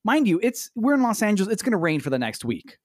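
Podcast man, ranting storyteller, dry close sound, big pitch swings. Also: fast, no room sound. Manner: animated, exasperated, swears a lot, jumps in pitch. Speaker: podcast co-host. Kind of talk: casual storytelling chat. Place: Los Angeles.

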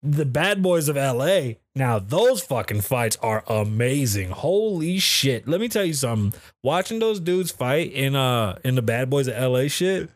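A man's voice: medium pitch, very animated, measured pace, hardly any pauses, no room sound. A man hosting his own podcast, rambling in a blunt, profane, casual way as he chats about pop culture and his city. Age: adult, calls himself too old for festivals. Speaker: podcast host. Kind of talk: casual solo podcast commentary. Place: home in Las Vegas.

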